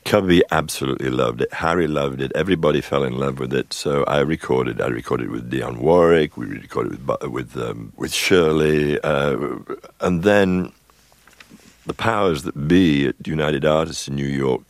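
A man's voice: a bass voice, normal speed, creaky, no echo. An older man, a film composer being interviewed on radio, recalls the past in a rambling, chuckling way, often stopping to restart his sentences. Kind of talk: radio interview, anecdotal storytelling.

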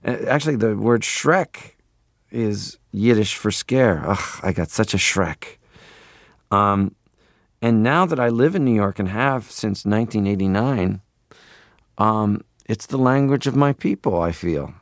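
A man in his forties from Canada chats as a radio guest, playful and rambling, often slipping into funny voices. His voice sits a little low, and the studio sound is close and dry. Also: lively intonation, a little slow, no echo. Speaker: interview guest. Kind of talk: radio interview conversation.

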